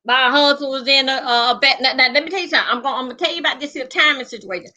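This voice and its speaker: A middle-aged woman with a high, bright voice spins a comic story from her own life. She talks loud and salty, leaning hard on repeated phrases for effect. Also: racing.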